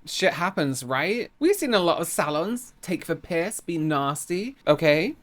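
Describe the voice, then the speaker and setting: Low-voiced sarcastic English woman. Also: sing-song, unhurried. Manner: sarcastic, exasperated. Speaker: reaction video host. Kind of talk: reaction commentary.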